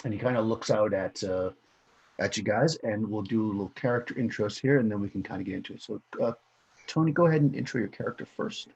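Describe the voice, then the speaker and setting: Male game master, husky, casual and halting narration. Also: lowish voice, darkish tone, muffled recording.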